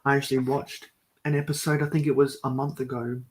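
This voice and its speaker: A man hosting a live stream at home, talking through a build in a soft, mellow monotone. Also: mid-range voice, a little fast, a little hiss or hum, low-quality recording.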